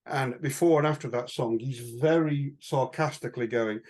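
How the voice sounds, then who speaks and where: A man's voice: mid-range voice, normal speed, darkish tone. A man, co-hosting a podcast and recounting anecdotes in a casual, rambling way, with fillers and chuckles. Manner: chatty anecdotal storytelling with frequent fillers and chuckles. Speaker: podcast co-host. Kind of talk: casual chat.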